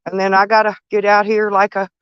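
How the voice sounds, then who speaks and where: A woman's voice: mid-range voice, completely flat delivery, fairly quick, clean tone, no echo. Older woman, blunt and profane, casual vlog talk, dry dull recording. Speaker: van life vlogger.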